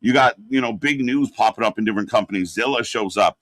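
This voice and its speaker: A man's voice: lowish voice, quick pace, fairly bright tone, no echo. A man hosting a live watch-along, reacting and critiquing in a rambling, exasperated way with lots of fillers. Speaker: host.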